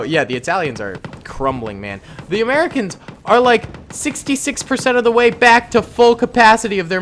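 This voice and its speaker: A young man talks over his gameplay with a lively voice that leaps up in surprise and drops low and quiet when he muses. He speaks into a desk mic, with faint game music running behind him. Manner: excitable, exclaims and laughs, trails off low when musing. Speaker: gaming YouTuber. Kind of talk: casual gameplay commentary.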